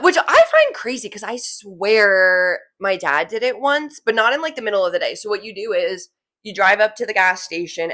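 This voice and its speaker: A woman's voice: medium pitch, pushed and bright. A young woman from New Jersey with a New Jersey accent, chatting casually to her viewers in a rambling, self-correcting way full of "like". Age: young adult. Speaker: vlogger. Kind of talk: casual chat to camera.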